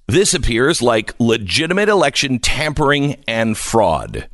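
A man hosting a radio talk show, ranting with mocking jumps into a high squeaky voice. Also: big pitch swings, a little slow, hardly any pauses, fairly bright tone, no room sound, clean studio sound. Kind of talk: opinionated radio monologue. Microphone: studio microphone.

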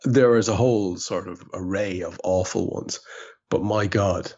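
A man's voice: low voice, measured pace, darkish tone, lo-fi sound. An Irish man hosting a podcast, chatting wryly and telling stories from his home in rural Ireland. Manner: chatty, wry, storytelling. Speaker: podcast host. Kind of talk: casual chat.

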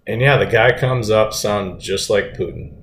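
A man co-hosting a casual chat, telling stories in an easygoing way with dry humor. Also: unhurried. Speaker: podcast co-host. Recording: roomy echo, faint rumble.

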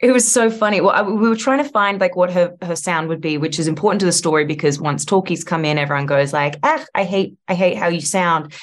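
An Australian woman with a low voice chats freely in an interview. She talks in quick, looping sentences, stacking fillers and restarts as she thinks aloud. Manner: chatty, lots of likes and restarts, animated. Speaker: actress guest. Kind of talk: casual interview chat.

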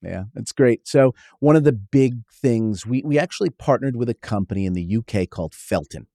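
A man as an interview guest, eagerly explaining in quick lists and acting out stories from his shop. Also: medium pitch, expressive, gravelly, dark tone, no room sound, studio quality. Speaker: guest, company founder. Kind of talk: interview conversation.

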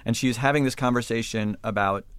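A man's voice: medium pitch, fast, a bit bright, clear, resonant tone, no room sound. A man hosting a podcast, chatting casually and asking his guests questions. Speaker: podcast host. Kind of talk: casual interview chat. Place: Los Angeles studio.

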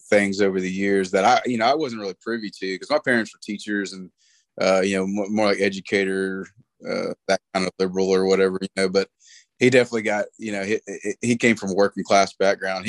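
Middle-aged guy, lowish voice, dry close sound, rambles with lots of you knows. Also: steady tone, a little fast, no echo. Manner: rambling, many fillers. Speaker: friend remembering a late friend. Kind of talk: casual conversation.

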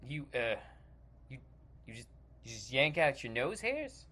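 A man's voice: medium pitch, big pitch swings, a little slow, pushed and bright, full character voice. A man voicing an eager, starstruck young male actor, gushing and stammering in a comedy sketch. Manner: gushing and stammering, full of 'like' and restarts.

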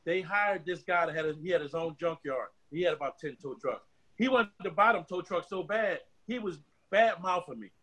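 A man telling stories as a podcast guest, animated and repetitive, with street slang and swearing. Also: sits high, fairly quick. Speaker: guest, trucking business owner. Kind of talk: casual storytelling.

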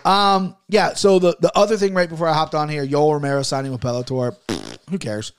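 Male podcast host, slightly higher voice, blunt and profane, rambling delivery that turns fired-up. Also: a little fast, clean tone. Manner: gets fired up, pushing listeners hard. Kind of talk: solo podcast monologue.

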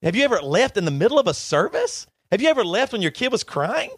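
Brief: male podcast co-host, emotional and pleading in a heated argument, slightly higher voice, dry close sound. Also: very animated, fast, fairly bright tone, husky, dry recording. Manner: emotional, pleading, talks over others. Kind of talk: heated argument between friends.

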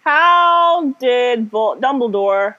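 A young woman co-hosting a book podcast, making joking quick asides. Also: fairly high pitch, lively intonation, pushed and bright, dull audio. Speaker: podcast co-host. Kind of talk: casual book podcast chat.

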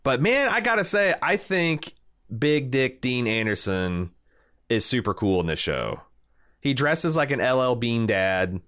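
A man in his thirties from Indiana spins a rambling, profane anecdote in loose conversational chat. His pitch swings widely as he builds the story, and he leans on fillers as he talks. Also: unhurried, smooth. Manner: animated storyteller, swears freely, lots of fillers. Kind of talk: casual chat.

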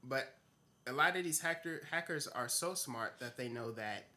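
Rambling, bright-voiced male podcaster. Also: mid-range voice, moderate pace. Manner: rambling, many fillers and restarts, animated. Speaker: podcast co-host. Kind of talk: casual chat.

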